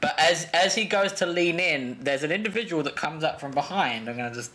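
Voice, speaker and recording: A man runs a tabletop game with a bright, ringing voice in a fairly high register. He narrates as game master, rambling and often restarting his sentences. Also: animated, brisk.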